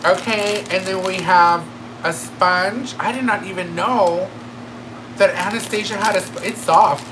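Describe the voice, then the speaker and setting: A woman beauty vlogger talks through a makeup unboxing in a campy, excitable way, full of gasps, squeals and slangy asides. Her voice sits at an ordinary pitch for a woman. The home recording carries a clear layer of background noise. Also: unhurried. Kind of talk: casual makeup unboxing chat.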